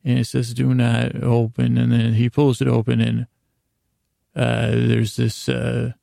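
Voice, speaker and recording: A man's voice: mid-range voice, monotone, unhurried, creaky, dark tone, dry recording, studio quality. A man narrating an improvised story for a podcast, meandering with lots of restarts and asides. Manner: meandering, many restarts and "you know".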